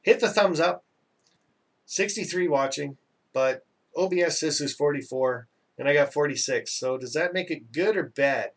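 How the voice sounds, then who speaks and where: A man's voice: a little high, normal speed, breathy edge, distant mic. A Canadian man hosting a casual live stream, chatting in a rambling, self-teasing way and reading out viewer comments.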